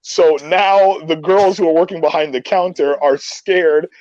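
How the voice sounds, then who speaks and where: Animated, profane male storyteller. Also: fairly high pitch, measured pace, dry recording, lo-fi sound. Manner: animated, profane, repeats himself. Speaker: co-host telling a story. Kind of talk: casual storytelling.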